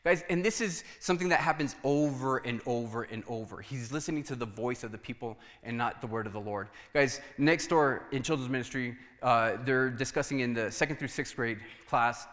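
A man's voice: mid-range voice, normal speed. A male pastor preaching a sermon in a church, telling stories and acting out conversations. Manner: animated storytelling, acts out dialogue. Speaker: guest pastor. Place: church sanctuary. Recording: church hall reverb.

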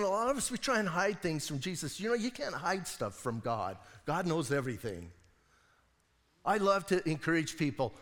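A man preaching a sermon as pastor, telling the story in a lively, conversational way and often checking in with his congregation. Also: sits high. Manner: animated storytelling. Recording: long hall reverb from the church.

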